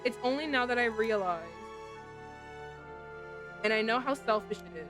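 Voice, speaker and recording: A woman voicing a guilt-ridden ghost schoolgirl, speaking softly, low and apologetic. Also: animated, moderate pace, over music, lightly acted. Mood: remorseful.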